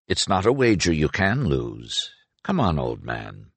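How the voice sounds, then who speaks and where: A man voicing a kindly male god of autumn who speaks with gentle humor in an audiobook. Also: very deep voice, wildly swooping pitch, a little slow, no room sound, voice pushed down, full character voice. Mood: amused.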